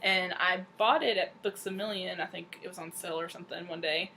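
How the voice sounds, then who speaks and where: A woman's voice: fairly low pitch, fairly even intonation, a little fast, pushed and bright. Chatty woman podcaster with faint hiss. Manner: chatty, reads a synopsis aloud with stumbles. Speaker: podcast co-host. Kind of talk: casual book chat.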